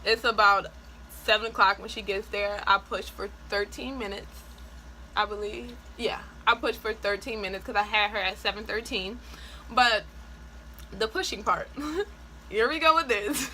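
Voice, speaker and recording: A woman vlogger telling a personal story in a casual, animated way, full of "like" and quick laughs. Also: fairly high pitch, a little hiss or hum, poor audio. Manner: chatty, animated, frequent "like" and laughs.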